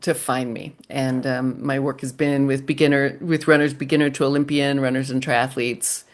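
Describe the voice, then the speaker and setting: A middle-aged woman, a running coach, answering interview questions in a measured, thoughtful way. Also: extremely low pitch, little pitch movement.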